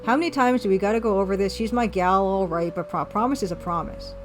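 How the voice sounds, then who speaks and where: A woman's voice: medium pitch, fast, faint music behind, natural voice. A woman voicing a blunt, folksy older man in a story game. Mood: insistent.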